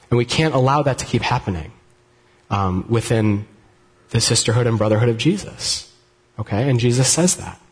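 A man preaching a sermon in a conversational, gently humorous way, often restarting his sentences. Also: medium pitch, animated, moderate pace. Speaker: pastor. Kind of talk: sermon with live demonstration.

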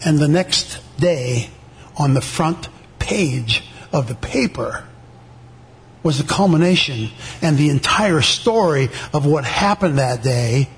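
Older man, high voice, halting testimony. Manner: halting, with many restarts and repeated words; animated, acts out the voices of people in his story. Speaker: veteran giving a testimony. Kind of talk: church testimony storytelling.

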